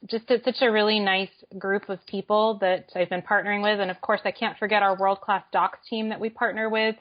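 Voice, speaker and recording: A woman speaking as a podcast guest, answering eagerly in quick bursts with frequent fillers. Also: medium pitch, flat delivery. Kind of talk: casual interview chat. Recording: slightly muffled podcast recording.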